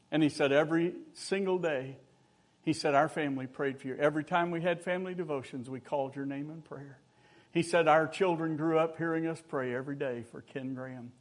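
An older man preaching a sermon, telling folksy personal stories with humor and rising exhortation. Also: fairly high pitch.

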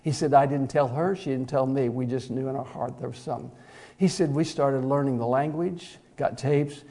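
A man's voice: medium pitch, fairly even intonation, normal speed, dark tone. A middle-aged male preacher telling a long story in a sermon, folksy and conversational, with many fillers and repeated "he said".

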